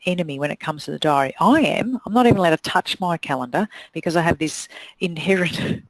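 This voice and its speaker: A woman's voice: low-pitched, lively intonation, fast, dry recording, rough recording. A middle-aged woman with a New Zealand accent, giving a blunt, direct motivational talk to salon owners and hairdressers. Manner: blunt, direct, acts out quoted voices. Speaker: salon business coach.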